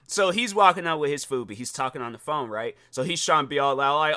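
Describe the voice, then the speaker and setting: A young man hosts a podcast and tells a story as a lively, casual rant, laughing often and acting out the people in it. His voice sits a bit high, bright and forceful, with a smooth, crisp tone. The recording is dry and close. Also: quick pace, dry recording. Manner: animated, acts out quoted voices, laughs often. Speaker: podcast host.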